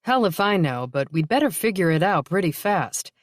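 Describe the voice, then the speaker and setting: A woman's voice: fairly low pitch, big pitch swings, moderate pace, no echo, clean studio sound. A woman voicing a blunt, wisecracking woman police detective in her forties, tired and joking, in an audiobook. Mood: weary.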